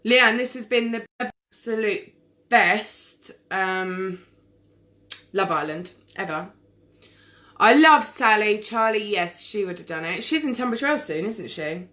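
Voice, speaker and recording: Brief: woman hosting a makeup live stream, rambling and chatty, mid-pitched. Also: animated, takes it slowly, sharp tone. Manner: chatty, rambling, answers viewer comments by name. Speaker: makeup tutorial host. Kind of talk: casual live-stream chat while doing makeup. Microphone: webcam or phone on a live stream.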